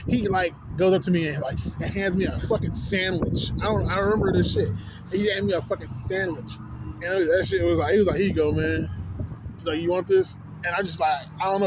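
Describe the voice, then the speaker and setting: A man's voice: high voice, steady tone, brisk, noisy background. A man from Texas ranting casually and profanely to the camera, full of slang fillers. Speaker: vlogger.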